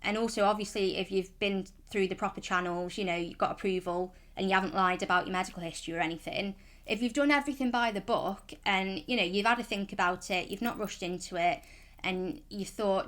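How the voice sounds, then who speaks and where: A woman's voice: medium pitch, brisk, fairly bright tone. Woman, vlogger, casual rambling chat, frank reassuring tone. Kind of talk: casual advice vlog.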